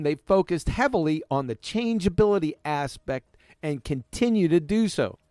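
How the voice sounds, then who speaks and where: Sneering high-voiced man ranting. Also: dry recording, studio quality. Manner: sarcastic, insulting, theatrical. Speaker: commentary video host. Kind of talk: mocking rant commentary.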